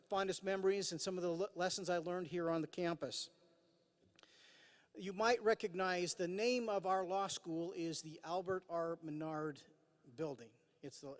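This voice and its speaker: A man in his fifties giving a formal commencement address from a podium. He talks earnestly with dry self-deprecating humor and frequent "uh" fillers. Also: high voice. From Idaho, USA. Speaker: commencement speaker. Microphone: podium microphone. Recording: long hall reverb.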